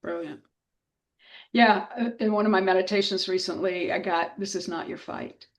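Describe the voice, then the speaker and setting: A woman hosting a coaching group on a video call, effusive and quick to laugh. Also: mid-range voice, steady tone. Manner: warm, effusive, laughs often.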